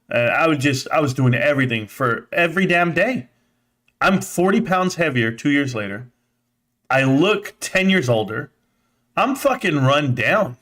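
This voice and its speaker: A man chatting on a live stream in a mid-range voice, rambling and animated. He swears casually and laughs between thoughts, sounding a little out of breath. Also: medium pitch. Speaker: live-stream host reading chat.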